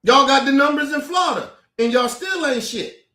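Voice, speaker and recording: A man with a strikingly high voice rants angrily to the camera, profane and confrontational, tripping over and repeating his own words. The sound bounces around an echoey room. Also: animated, normal speed, bright, forceful tone. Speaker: commentator. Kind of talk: angry profane rant to camera.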